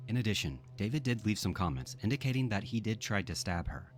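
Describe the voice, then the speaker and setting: A man's voice: lowish voice, very animated, quick pace. A man narrating a scripted true-crime story in a dramatic storytelling manner.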